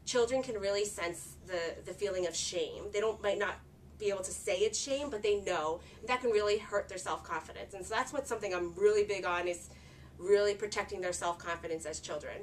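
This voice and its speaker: A chatty woman in her thirties shares parenting advice in an earnest, easygoing way. Her voice sits at a middle pitch and comes from a little way off the mic. A faint hum of background noise runs underneath. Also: a little fast, recorded from a distance. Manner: chatty and earnest, with filler words. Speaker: parenting vlogger. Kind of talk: casual talk to camera.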